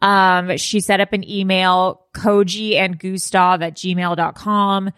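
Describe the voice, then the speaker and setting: A woman co-hosting a casual chat, quick and joking, often laughing at her own lines. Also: mid-range voice, flat delivery, fairly bright tone, clear, resonant tone, dry recording, studio quality. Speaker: podcast co-host.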